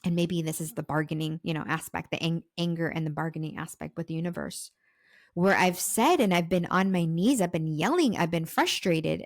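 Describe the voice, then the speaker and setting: A woman's voice: fairly low pitch, darkish tone, no room sound, clean studio sound. A young adult woman hosting a podcast, in a raw, emotional confessional monologue. She swears, repeats herself, and says her throat is sore. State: throat sore while sharing. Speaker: podcast host and self-love coach.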